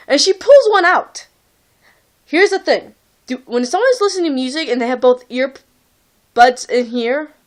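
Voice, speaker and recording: A young woman from Texas vents a story straight into her phone camera, rambling and exasperated. Her voice sits a little high for a woman, and she strings her thoughts together with plenty of "like.". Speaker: vlogger.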